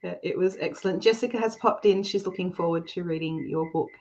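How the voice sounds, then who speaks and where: A woman's voice: fairly low pitch, fast talker, a little mellow. A woman podcast host asking questions with an enthusiastic, complimentary manner. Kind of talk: interview hosting. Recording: dull lo-fi sound.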